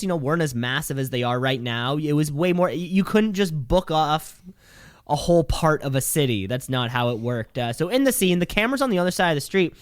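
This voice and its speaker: A man co-hosting a podcast in casual chat, reading movie trivia in a quick, chatty way. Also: a little high, clean tone, no echo. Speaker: podcast co-host.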